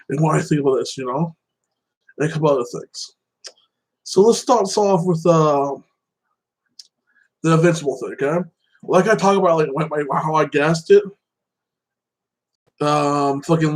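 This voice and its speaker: A man's voice: a little high, a little mellow, poor audio. A man hosting his own channel, chatting casually and rambling, filling his talk with "like that" and "you know" and greeting viewers by name. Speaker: YouTube channel host. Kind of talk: casual solo livestream chat.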